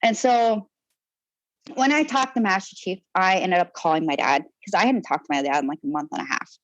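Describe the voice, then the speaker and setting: A woman's voice: lowish voice, a little fast, no echo, muffled recording. A young woman who served in the Navy, telling her own story on a podcast in a blunt, profanity-heavy way, rambling with restarts. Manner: rambling with restarts and trailing fillers. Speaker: podcast guest, Navy sailor. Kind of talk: candid personal storytelling.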